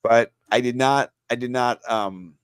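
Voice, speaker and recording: Here a male podcast co-host talks casually in a smooth, medium-pitched voice at a slightly slow pace. He rambles, leans on fillers, cuts himself off to restart, and laughs readily, all in a dry, clean studio recording.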